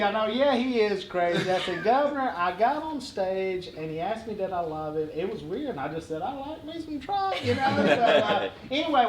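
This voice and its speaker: High-voiced man telling funny stories. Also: echoey room, very noisy. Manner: animated, laughing, acts out others' lines. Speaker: guest speaker. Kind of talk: comic storytelling on stage.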